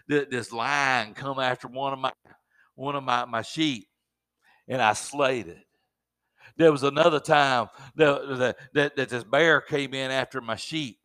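A man's voice: medium pitch, bright, forceful tone. A man preaching a sermon in a fervent, exhorting way with folksy asides.

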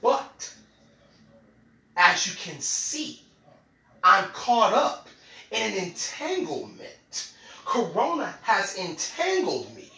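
A man's voice: sits high, wildly swooping pitch, sharp tone, full character voice. Man doing the year itself, drawn out. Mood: sulking. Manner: slow, drawn-out. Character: the year personified, slow and self-pitying. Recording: roomy, away from mic.

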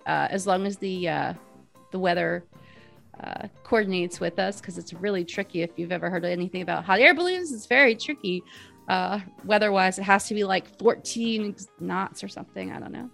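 A woman's voice: medium pitch, normal speed, gravelly, fairly bright tone, faint music behind. A woman in her forties, an interview guest, chatting casually with lots of fillers and giggles. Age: 40s.

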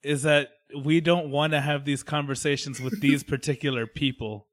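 A man chatting casually on a podcast, teasing his friend and dropping quick wisecracks. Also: on the high side, fairly even intonation, dry recording. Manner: joking interjections, teasing, dry wisecracks. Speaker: podcast co-host. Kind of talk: casual chat.

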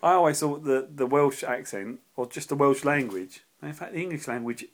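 A woman co-hosting a home podcast, teasing her friend in a dry, deadpan way. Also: extremely low pitch, normal speed. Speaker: podcast co-host. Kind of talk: casual chat. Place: home living room, TV on.

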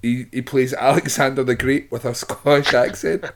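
A man's voice: medium pitch, flat delivery, moderate pace, slight background noise. Laughing, stammering male co-host. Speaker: podcast co-host. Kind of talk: casual film chat.

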